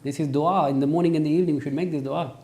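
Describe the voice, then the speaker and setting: Guy teaching a class, keeps firing questions at students, slightly high voice. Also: rapid-fire. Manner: questions students, lively, emphatic. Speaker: religious teacher. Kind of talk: interactive classroom lesson.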